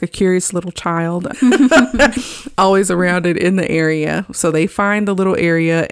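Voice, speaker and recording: A woman's voice: fairly low pitch, no room sound. Chatty woman podcast host, dry sound. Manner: chatty, laughs often while retelling scenes. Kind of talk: casual movie recap.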